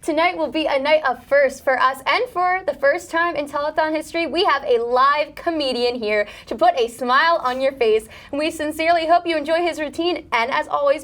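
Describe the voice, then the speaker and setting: A woman's voice: sits high, fairly quick, hardly any pauses, a bit bright. A woman anchoring a live telethon, speaking in an earnest, scripted way.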